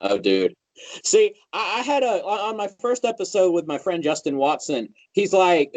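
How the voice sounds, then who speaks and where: A man's voice: sits high, sing-song, normal speed, darkish tone, dry recording, poor audio. A man hosting a podcast in casual chat, reacting a lot and talking in loose, slangy, swearing speech. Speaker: podcast host.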